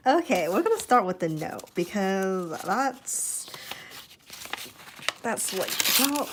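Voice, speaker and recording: A young woman vlogging as she opens a package, casual and excitable, squealing and giggling often. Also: mid-range voice, noisy background. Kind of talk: casual unboxing chat.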